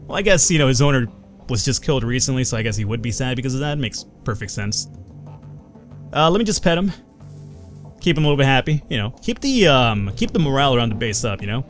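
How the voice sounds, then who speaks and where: A man's voice: mid-range voice, very animated, fairly quick, soft background music. Chatty man doing game commentary. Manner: chatty, swears freely. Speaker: let's play host. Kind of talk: casual gameplay commentary.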